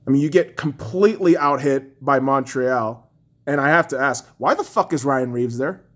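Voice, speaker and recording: Furious profane man ranting about hockey. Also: unhurried. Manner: lively pitch swinging from shouts to low mutters. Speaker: podcast host. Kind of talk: angry sports rant.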